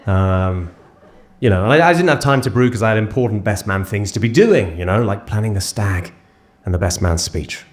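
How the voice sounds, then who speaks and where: A man's voice: fairly low pitch, moderate pace. A young English man doing stand-up comedy on stage, self-mocking and rambling in his delivery. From England. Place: on stage before a live audience.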